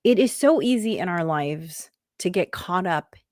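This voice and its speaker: A woman's voice: on the low side, lively intonation, a little slow, no room sound, studio quality. A woman hosting a podcast, sharing a personal story in a conversational, thoughtful way with light laughs now and then. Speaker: podcast host.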